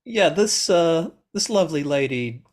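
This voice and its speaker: Man voicing fawning courtier, eager and flattering. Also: a little high, measured pace, voice pushed up.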